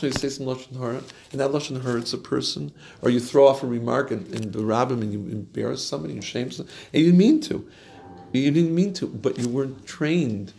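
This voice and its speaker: Man with a gravelly voice teaching. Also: medium pitch, a little mellow, a little hiss or hum. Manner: chatty, digressive, with chuckles. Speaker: Torah class teacher. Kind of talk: informal Torah class.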